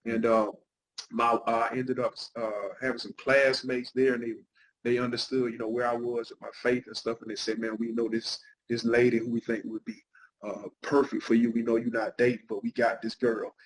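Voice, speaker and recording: A man's voice: medium pitch, level tone, moderate pace, slight background noise, poor audio. A middle-aged man, a guest pastor and counselor, telling his life story in an interview with an earnest, heartfelt manner.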